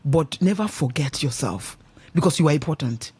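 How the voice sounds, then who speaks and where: A woman's voice: sits low, animated, moderate pace, warm tone, husky. A middle-aged Nigerian woman giving emphatic, sermon-like marriage advice on a radio show, often asking listeners if they understand. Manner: emphatic, exhorting, keeps asking "do you understand?". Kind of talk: preachy radio advice talk. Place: radio studio.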